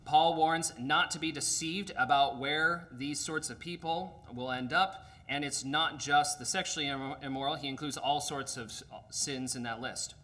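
A man preaching an earnest, emphatic sermon, often pausing with fillers. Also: a little high, fairly even intonation, pushed and bright.

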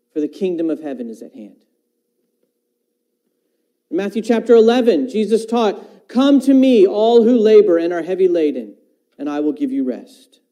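A man's voice: sits high, mellow, low-quality recording. A man preaching a sermon, quoting scripture and asking his listeners questions. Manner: talks about teaching his own children.

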